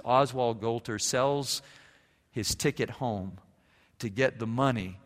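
A man's voice: mid-range voice, slow. A male pastor preaching a sermon, telling a story and building to fervent emphasis, in an echoey church sanctuary.

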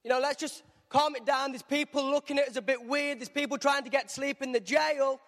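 A man's voice: very high-pitched, fairly even intonation, a little fast, fairly bright tone, big-room sound, pitched above the performer's own voice. A man voicing a tired, grumpy adult male prisoner who grumbles in sarcasm. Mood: sarcastic grumbling. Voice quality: forced cheerful, bitter sarcasm.

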